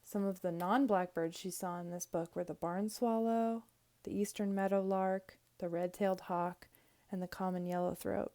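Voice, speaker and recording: A woman's voice: mid-range voice, moderate pace. Woman teacher reading a picture book aloud. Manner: clear, expressive storytelling.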